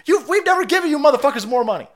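A man's voice: very high-pitched, expressive, fairly bright tone. A man hosting a livestream, delivering an angry, profane political rant with crude mockery. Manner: angry, crude, mocking, rapid-fire. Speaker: livestream host.

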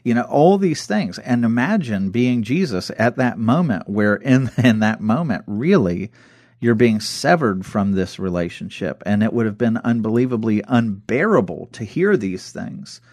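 A man in casual conversation, retelling Bible stories with lively acted-out quotes. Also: mid-range voice, a little slow, dry recording. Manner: animated storytelling, acts out quoted voices.

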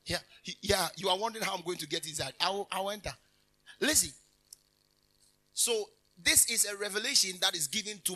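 A male minister, preaching in a high, lively register. His tone is bright and forceful, and he mixes teasing jokes with emphatic declarations and frequent hallelujahs. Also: poor audio. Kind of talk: conversational sermon. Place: convention hall.

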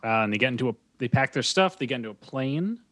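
A man in easy podcast chat, retelling a film plot with animated energy and a ready chuckle. His voice sits at an ordinary middle pitch. The recording is close and dry, with no room around it. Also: quick pace, dry recording. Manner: animated recapping, chuckles often. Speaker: podcast co-host. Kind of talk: casual chat.

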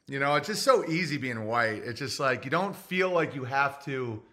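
A man's voice: mid-range voice, expressive, normal speed, pushed and bright. A man hosting a podcast in a rambling, crude, joking chat, who also reads listener messages aloud. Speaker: podcast host. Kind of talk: casual comedic rant.

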